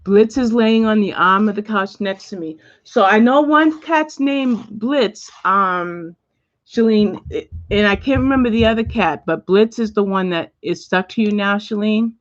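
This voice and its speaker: A woman's voice: medium pitch, a little slow, no echo. Middle-aged lady chatting on a home livestream, reading out comments, kinda dull lo-fi mic, dry room. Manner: chatty, warm, reads out viewer comments. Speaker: livestream host. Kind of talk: casual chat with viewers.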